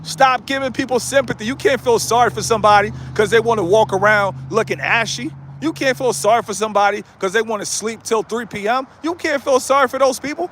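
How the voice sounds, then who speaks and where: High-voiced blunt man ranting outdoors. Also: fairly quick, few pauses, fairly bright tone, slight background noise. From United States. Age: 30s. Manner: blunt, repetitive, exhorting. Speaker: YouTuber. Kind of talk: live-streamed motivational rant. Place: outdoors in a residential neighborhood with passing cars.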